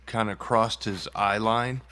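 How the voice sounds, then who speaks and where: A male co-host speaks in a fairly low voice. He chats in a relaxed way and now and then lets a swear word slip. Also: slow pace, clean tone. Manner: laid-back, drops in mild swearing. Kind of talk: casual commentary chat.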